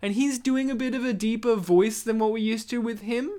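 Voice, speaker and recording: A man with an Australian accent hosting a casual podcast chat, animated and quick to swear and laugh. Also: very high voice. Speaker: podcast host.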